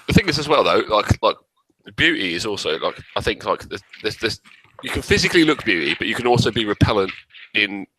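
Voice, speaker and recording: A man's voice: lowish voice, big pitch swings, brisk, bright, forceful tone, a little hiss or hum, poor audio. A man in casual chat, rambling and swearing freely, often repeating himself. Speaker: guest.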